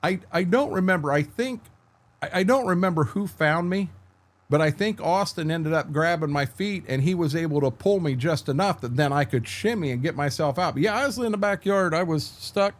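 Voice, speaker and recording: A man's voice: on the high side, lively intonation, moderate pace. Rambling middle-aged man streaming. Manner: rambling, candid storytelling, frequent restarts, answers chat by name. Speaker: livestream host. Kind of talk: casual livestream chat. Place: at home with his dogs.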